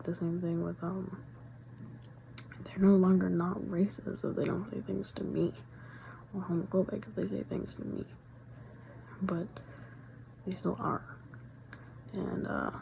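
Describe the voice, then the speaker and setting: A woman's voice: lowish voice, gravelly, dark tone, slight background noise, rough recording. A young adult woman vlogger in casual rambling chat, full of fillers and often dropping to a whisper.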